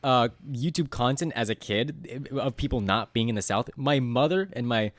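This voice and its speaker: A young man from the American South who has no Southern accent talks in a relaxed, musing way on a casual podcast. His voice sits at a middle pitch and he leans on fillers as he thinks aloud. The sound is dry and close-miked. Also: moderate pace, no echo. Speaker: podcast co-host. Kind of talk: casual chat.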